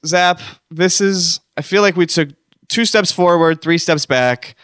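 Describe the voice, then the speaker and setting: A man's voice: sits high, a little slow, a bit bright, smooth, no room sound, studio quality. A man hosting a comedic call-in show, talking in a rambling, self-deprecating, mock-wounded way.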